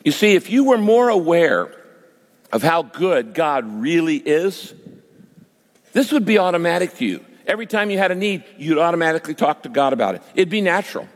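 Male pastor, sermon delivery, slightly high voice, long hall reverb. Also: brisk. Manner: storytelling with quoted prayers, animated swings in pitch.

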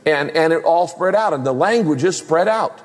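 A male pastor delivering a lively sermon, acting out the voices of the people he quotes. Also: fairly high pitch, moderate pace. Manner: animated preaching, acts out quoted voices. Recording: long hall reverb.

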